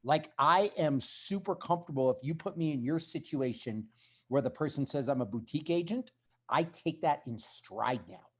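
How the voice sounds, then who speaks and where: A man's voice: on the high side, normal speed, slightly rough. A man telling his story as a podcast guest, in a blunt, emphatic conversational way.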